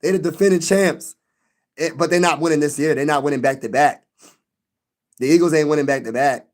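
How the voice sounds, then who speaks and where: A man's voice: a little high, brisk. Slangy man venting on a live stream. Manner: loose slang-heavy banter, talks back to chat. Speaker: sports live-stream host.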